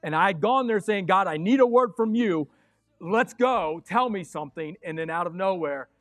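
Man, pastor, sermon, fiery and excitable, sudden yells, high voice, dry sound. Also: moderate pace, no room sound, faint music behind. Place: church sanctuary.

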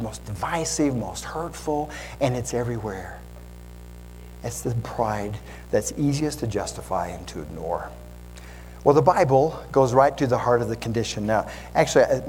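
A man's voice: medium pitch, darkish tone, slight background noise, low-quality recording. A man preaching as a guest pastor, candid and self-deprecating, with conversational asides. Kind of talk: sermon.

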